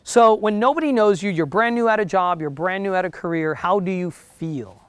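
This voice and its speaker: A man's voice: high-pitched, normal speed, a bit bright, smooth, no room sound. A man with a New Jersey accent giving a motivational talk to realtors, chatty and often checking in with his audience. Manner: conversational, keeps checking in with the audience. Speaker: real estate broker teaching realtors. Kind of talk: motivational talk to a live group.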